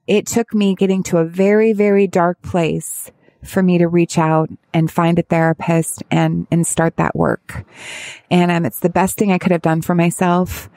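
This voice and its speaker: A woman speaking as a parent of a child with addiction, giving candid advice in a halting, heartfelt way with many restarts. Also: fairly low pitch, mellow, no room sound. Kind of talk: candid personal advice talk.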